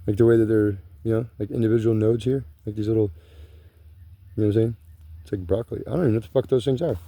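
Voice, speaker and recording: A man's voice: lowish voice, steady tone, quick pace, warm tone, no room sound. A man, rambling casually and profanely while pacing along grassland trails outdoors. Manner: rambling, profane, says "you know" and "bro" a lot. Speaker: vlogger.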